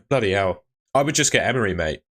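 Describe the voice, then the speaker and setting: A man's voice: fairly low pitch, sing-song, normal speed, fairly bright tone, husky. A man hosting a casual live stream, chatting and answering viewers' questions, often calling them mate.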